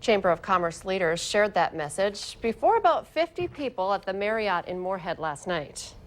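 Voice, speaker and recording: A woman's voice: medium pitch, very animated, moderate pace. A woman news anchor reading local stories in a morning newscast from a TV studio, chatty in the banter between stories.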